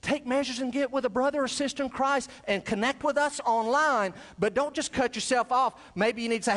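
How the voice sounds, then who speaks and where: A male pastor preaching a sermon, swinging between loud emphasis and quiet asides. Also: extremely high pitch, fairly quick, few pauses.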